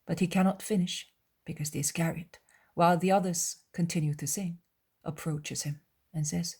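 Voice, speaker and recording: A woman narrates a dramatized audiobook. Her delivery is soft and hushed. Her voice sits on the lower side. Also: steady tone, normal speed, husky.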